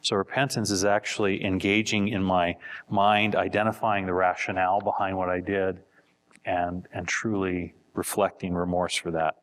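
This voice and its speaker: A man with a lowish voice teaches a marriage seminar. He speaks plainly and hesitantly, often restarting and repeating his words. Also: flat delivery, moderate pace, fairly bright tone.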